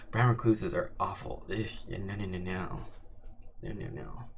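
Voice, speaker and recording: A man's voice: on the low side, huge pitch swings, slow, vocal fry, noisy background. Laid-back young man chatting on stream. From Arizona, US. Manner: laid-back, rambling, lots of "like" fillers. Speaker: audio drama creator hosting a live stream. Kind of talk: casual livestream Q&A, reading chat.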